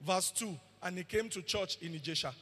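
High-voiced pastor preaching in a hall. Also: male voice, a little fast, sharp tone, slightly rough. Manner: emphatic preaching, asks the congregation questions. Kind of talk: sermon. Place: church hall. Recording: long hall reverb.

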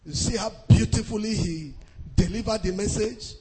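A pastor preaching a fervent sermon in a sing-song style, shouting hallelujahs and repeating phrases for emphasis. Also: male voice, high-pitched, moderate pace, breathy edge.

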